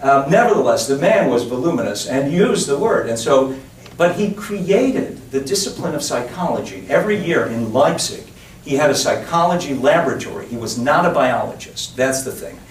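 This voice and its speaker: A man's voice: medium pitch, animated, moderate pace. Man lecturing in an echoey room. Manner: digressive, chatty, frequent restarts and asides. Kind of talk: public lecture. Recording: roomy echo, distant mic, faint hiss.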